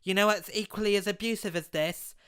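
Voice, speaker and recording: A man's voice: sits high, steady tone, brisk, a bit bright, clean tone, voice pushed up. A man doing a preachy indignant puppet wife. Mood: mock outraged. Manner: mock-offended, preachy.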